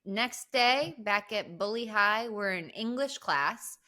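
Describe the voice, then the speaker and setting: Woman podcast host, bright tone, animated casual film recap with the odd curse. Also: mid-range voice, takes it slowly. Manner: animated storyteller, swears casually. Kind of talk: casual movie recap chat.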